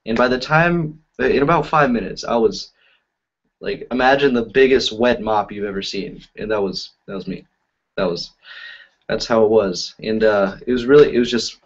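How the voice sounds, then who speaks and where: Guy doing a magic live stream, kinda low voice, rambly with lots of likes and ums, muffled lo-fi sound. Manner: rambling, filler-heavy storytelling. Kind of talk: casual live-stream chat. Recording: dull lo-fi audio.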